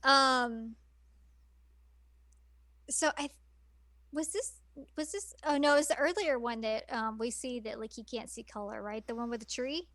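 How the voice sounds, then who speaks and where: High-voiced woman chatting casually. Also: normal speed, pauses often, fairly bright tone, dry recording, studio quality. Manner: rambling, many fillers and restarts. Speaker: podcast co-host. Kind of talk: casual anime discussion.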